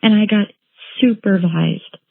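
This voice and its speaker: A woman telling her own painful story as an interviewee, halting and repeating phrases as she recounts what happened. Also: mid-range voice, vocal fry, dry recording. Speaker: interviewee, bereaved mother. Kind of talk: emotional personal account. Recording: tinny phone-like line, dry.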